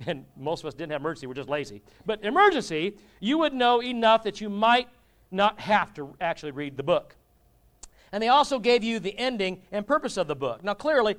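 A man's voice: high voice, a bit bright. A male pastor preaching a sermon in a humorous, conversational way, often asking the congregation questions.

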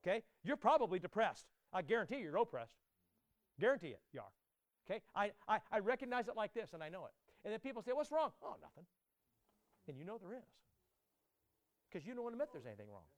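A man preaching a sermon to his congregation, emphatic and direct, often repeating his words and rising to loud climaxes. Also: high-pitched, sing-song, quick pace, dry recording. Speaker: pastor.

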